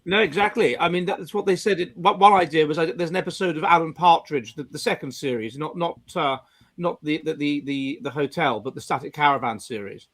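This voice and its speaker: A man's voice: a little high, a little fast, fairly bright tone. A man hosting a casual panel chat, rambling with stumbling restarts. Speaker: podcast host. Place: home studio on video stream.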